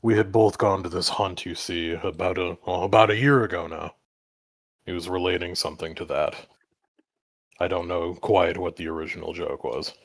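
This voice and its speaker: A man's voice: low voice, fairly even intonation, moderate pace, dry recording, voice pushed down. A man voicing a male adventurer who explains himself in a hesitant, rambling way.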